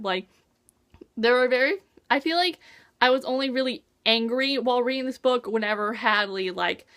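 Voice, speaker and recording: A woman's voice: on the high side, fairly bright tone. Bubbly young woman gushing over a book. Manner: bubbly and gushing, lots of "like" and "oh my gosh". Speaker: book reviewer. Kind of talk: casual book review vlog.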